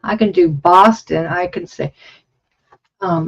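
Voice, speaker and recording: A woman's voice: on the low side, slow pace, dull audio. A woman in her fifties hosting a casual livestream from her home craft studio, rambling and chatty as she thinks aloud over her work. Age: 50s. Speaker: livestream host.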